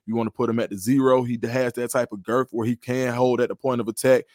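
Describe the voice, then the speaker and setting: A man's voice: mid-range voice, quick pace, no echo, clean studio sound. A man, a guest analyst in a podcast interview, talks through football recruiting in a confident, analytical way. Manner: confident, analytical, animated storytelling.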